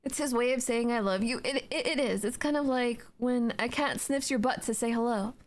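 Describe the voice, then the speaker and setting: A woman's voice: on the high side, normal speed. A young adult woman streaming from home, chatting playfully with her chat in a rambling, filler-heavy way between yawns. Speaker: Twitch streamer. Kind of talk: casual live-stream chat, reading chat aloud.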